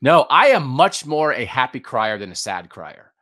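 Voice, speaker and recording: A man hosting a casual sports podcast, talking in an animated way and repeating himself for emphasis. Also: mid-range voice, moderate pace. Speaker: podcast host.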